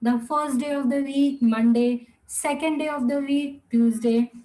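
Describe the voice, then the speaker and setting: A young woman with a high voice teaches an online class. She goes patiently, repeating each word slowly and stretching its tones. Now and then she slips into another language mid-sentence. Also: fairly even intonation, mellow, rough recording.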